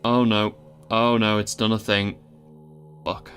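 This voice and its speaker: A man's voice: on the low side, level tone, slow, a bit bright, soft background music. A man commentating as he plays a game, reading its text aloud with dry asides and swearing and yelping when startled. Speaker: let's play gamer. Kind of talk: casual gameplay commentary.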